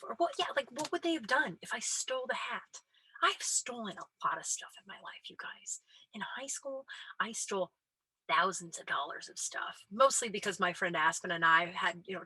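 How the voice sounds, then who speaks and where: A woman's voice: medium pitch, normal speed, bright, forceful tone, slightly rough, rough recording. A young adult woman hosting a podcast, telling a rambling story in a casual, chatty way and acting out the voices she quotes. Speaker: podcast host.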